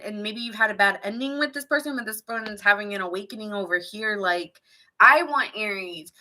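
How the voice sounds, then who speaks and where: A woman giving a casual, chatty tarot reading to camera, laughing often and filling her talk with "like". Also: medium pitch. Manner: playful, animated asides to the viewer. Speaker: tarot reader.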